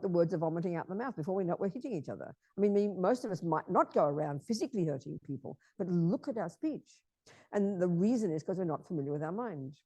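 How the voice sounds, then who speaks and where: A Buddhist nun giving an informal teaching talk, blunt and emphatic in a conversational way. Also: female voice, mid-range voice, mellow, no echo.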